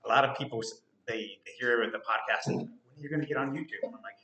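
A man's voice: mid-range voice, quick pace, pushed and bright. A man co-hosting a podcast in casual chat, rambling and joking with many fillers. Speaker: podcast co-host. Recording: roomy echo.

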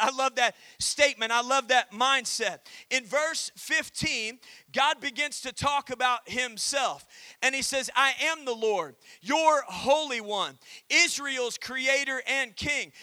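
A man pastor preaching a sermon, calling out to the congregation and reading scripture with emphatic pauses. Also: extremely high pitch, sharp tone, dry recording. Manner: emphatic preaching with call-and-response.

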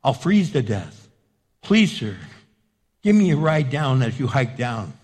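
A man voicing a sly, cold snake that pleads softly and whispers in a low voice. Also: big pitch swings, measured pace, big-room sound. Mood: pleading. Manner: soft wheedling, whispering.

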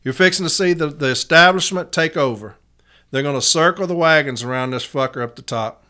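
A man's voice: fairly high pitch, fairly quick, sharp tone. A man, a union activist giving a blunt, profane rallying rant to fellow members. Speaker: letter carriers' union activist and podcaster.

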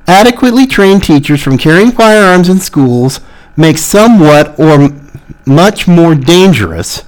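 A man's voice: fairly high pitch, lively intonation, normal speed, a little mellow, poor audio. A man hosting a podcast, delivering sarcastic, exasperated political commentary. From Florida. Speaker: podcast host.

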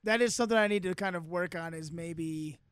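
A young man with a high, clean voice chats on a comedy podcast. He rambles, stops himself and fills gaps with ums. The sound is close and dry. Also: a bit bright, clear, resonant tone, dry recording. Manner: rambling, halting, with many ums and restarts. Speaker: stand-up comedian and podcast co-host. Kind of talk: casual podcast chat.

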